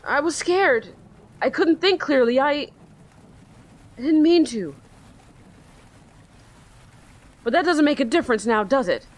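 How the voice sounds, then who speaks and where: A woman's voice: sits high, animated, a little slow, pitched above the performer's own voice. A woman doing a despairing teenage boy. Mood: remorseful. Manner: pleading, broken-up, tearful. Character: distraught sixteen-year-old boy. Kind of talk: reading game dialogue aloud.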